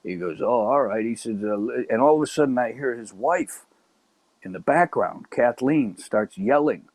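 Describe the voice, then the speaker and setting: A man's voice: mid-range voice, normal speed, no room sound. A man with a Chicago accent telling a comic story as a podcast guest, stammering and acting out the people in it. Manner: animated storyteller, acts out voices, stammers and repeats.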